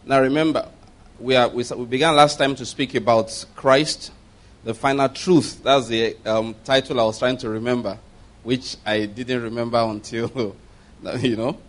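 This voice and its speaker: A man's voice: medium pitch, fairly even intonation, normal speed. A man preaching a sermon to a congregation in a conversational style, building to emphatic questions. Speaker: pastor.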